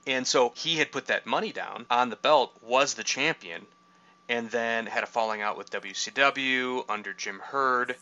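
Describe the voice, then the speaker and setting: A man's voice: fairly low pitch, sharp tone, muffled recording. A man hosting a casual chat, explaining things at length in a knowledgeable way with many fillers. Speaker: podcast host.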